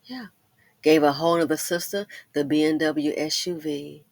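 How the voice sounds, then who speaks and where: Middle-aged woman, casual commentary host; lowish, bright tone, dry close sound, animated storyteller. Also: moderate pace, creaky, no room sound. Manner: chatty storytelling, addresses ladies directly; laughs and breaks into loud exclamations.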